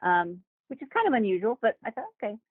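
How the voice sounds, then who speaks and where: Woman guest, lively anecdote-teller, tinny dry call audio, average pitch. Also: fast, husky, dry recording. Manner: animated, acts out quoted voices with laughs. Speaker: guest actor. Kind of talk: casual interview storytelling.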